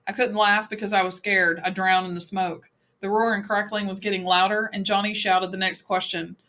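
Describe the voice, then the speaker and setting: A woman's voice: medium pitch, little pitch movement, normal speed, a bit bright. A woman reading a novel aloud in the first person as an audiobook narrator. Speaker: audiobook reader.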